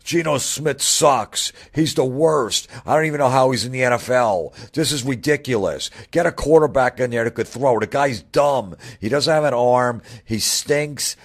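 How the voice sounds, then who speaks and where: A man's voice: mid-range voice, moderate pace, hardly any pauses, voice pushed up, natural voice. A man voicing an irate male sports radio caller who rants about a quarterback. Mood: ranting. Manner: ranting, hostile.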